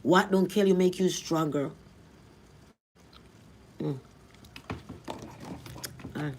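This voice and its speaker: A middle-aged woman from Jamaica with a Jamaican accent, telling her life story in a rambling, animated way. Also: drawn-out words. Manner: rambling, animated, rising to cries at high points. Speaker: vlogger. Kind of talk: emotional storytelling.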